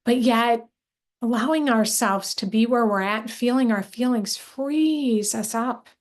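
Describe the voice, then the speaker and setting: This middle-aged coach for moms is running a live online workshop, and she speaks with earnest encouragement while putting questions straight to the audience. Her pitch is a little high and her pace measured.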